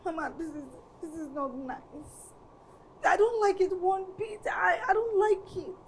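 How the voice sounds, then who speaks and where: A woman's voice: very high voice, animated, normal speed, slight background noise. An actress playing a jealous, petulant young daughter with a Nigerian accent, complaining to her mother. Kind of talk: Nollywood film acting.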